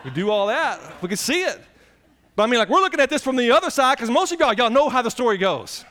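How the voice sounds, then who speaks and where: A man's voice: very high voice, big pitch swings, quick pace, sharp tone. A man, a pastor preaching a folksy, conversational sermon and putting direct questions to the congregation.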